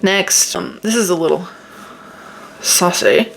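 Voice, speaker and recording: A woman's voice: on the low side, takes it slowly, gravelly, slight background noise. A woman reviewing a book in a casual, sarcastic and exasperated way, reading quotes aloud and picking them apart.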